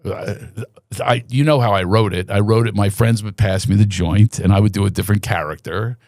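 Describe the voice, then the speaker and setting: A man, a comedian guest in a casual podcast chat, an animated storyteller who slips into voices. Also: fairly low pitch, brisk, no echo, studio quality.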